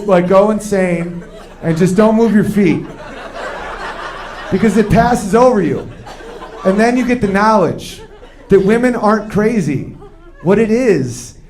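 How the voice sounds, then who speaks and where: A man performing a stand-up comedy set, animated and acting out the people he quotes. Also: high-pitched. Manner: animated, acts out quoted voices. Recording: live show with crowd. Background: audience laughter.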